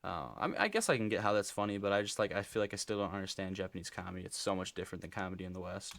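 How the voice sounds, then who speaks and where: A man's voice: deep voice, rapid-fire, creaky, a bit bright, no echo. A young man rambling loosely through casual reaction commentary, with many fillers. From United States. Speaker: reaction video host.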